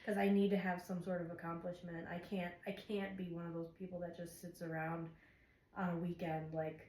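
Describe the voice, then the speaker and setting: A young woman chatting as a guest, relaxed and playful as she tells stories. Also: lowish voice, brisk. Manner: relaxed storyteller, playful quotes. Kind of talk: casual chat. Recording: echoey room with faint hum.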